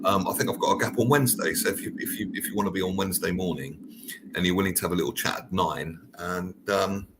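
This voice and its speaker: A man's voice: low voice, quick pace, heavy background noise. A man hosting a radio talk show, chatty and jokey, often tagging "right?" onto his sentences. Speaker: radio host. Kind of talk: casual radio chat.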